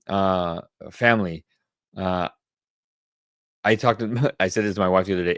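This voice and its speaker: Casual coaching man, low dry voice. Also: steady tone, moderate pace, pauses often, no echo. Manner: conversational, coaching tone with frequent fillers. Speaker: webclass host answering questions. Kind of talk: casual Q&A monologue on wellbeing.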